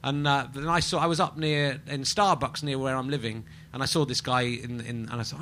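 Bright-voiced rambling English comic host. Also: male voice, mid-range voice, fairly even intonation, brisk, hardly any pauses, slight background noise. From England. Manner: rambling, mock-indignant, jokey. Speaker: podcast host. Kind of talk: live stand-up podcast chat. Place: small live venue with an audience.

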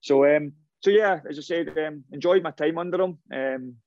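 A man's voice: a little high, normal speed, darkish tone, no room sound, muffled recording. A middle-aged man, a former footballer, telling long rambling anecdotes in a casual interview, restarting his sentences often.

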